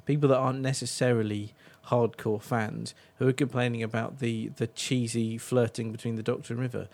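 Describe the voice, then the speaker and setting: A man's voice: mid-range voice, flat delivery, fairly quick, creaky, a little mellow. A man co-hosting a podcast, talking in casual chat and restarting his sentences. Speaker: podcast co-host.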